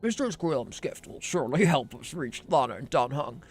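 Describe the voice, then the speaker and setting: A man voicing an earnest young adventurer in a steady game dub. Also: fairly high pitch, a little fast.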